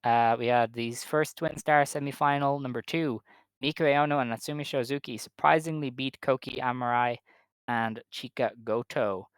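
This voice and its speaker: A man's voice: medium pitch, steady tone, moderate pace, clear, resonant tone, dry recording. A man co-hosting a casual chat, matter-of-fact as he runs through match results. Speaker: podcast co-host.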